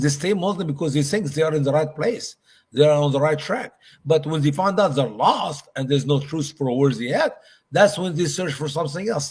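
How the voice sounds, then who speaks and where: Husky-voiced man making emphatic points. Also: fairly high pitch, a little mellow. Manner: emphatic, repeats points for stress. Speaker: guest. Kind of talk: conversational discussion.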